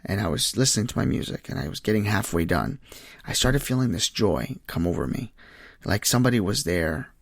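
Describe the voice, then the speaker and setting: A man's voice: fairly low pitch, lively intonation, a little fast, vocal fry, dry recording, studio quality. A man hosting a faith podcast, sharing a personal testimony in an earnest, heartfelt way. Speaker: podcast host.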